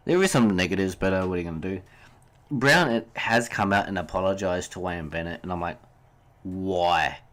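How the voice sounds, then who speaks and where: A young man with a lowish, fairly bright voice hosts a solo sports podcast. He rants heatedly about referees, swearing and then apologizing.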